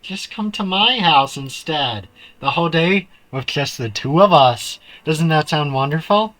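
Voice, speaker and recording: A man's voice: fairly high pitch, expressive, measured pace, fairly bright tone, low-quality recording. A man reading aloud the lines of an obsessive young woman confessing her love in a game, with an intense, pleading delivery.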